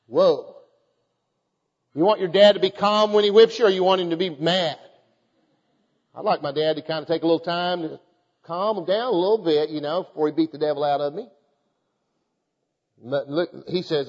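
A man's voice: a little high, normal speed, long pauses. A man preaching a fervent sermon, often calling out to his congregation and repeating his points. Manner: fervent, repetitive, calls out to the congregation. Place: church. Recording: dull audio with long church reverb.

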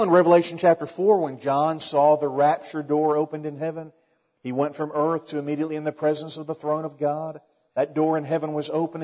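A man's voice: on the high side, a little mellow. A man pastor preaching a sermon, swelling in volume at key phrases and dropping into dry asides. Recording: dull sound with long hall reverb.

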